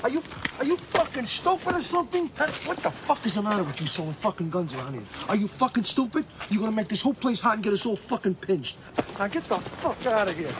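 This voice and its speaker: An actor playing a neighborhood mob boss who berates and barks profane orders. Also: male voice, high-pitched, sing-song, quick pace. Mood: angry berating. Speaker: mob boss in a film clip. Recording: noisy film soundtrack clip.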